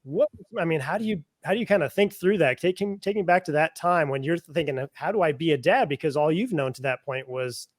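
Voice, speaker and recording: A male podcast host with a somewhat higher voice asks long, searching questions, restarting and rephrasing as he goes. His voice sits dry and close to the microphone. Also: animated, a little fast, hardly any pauses, no room sound. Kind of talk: conversational interviewing.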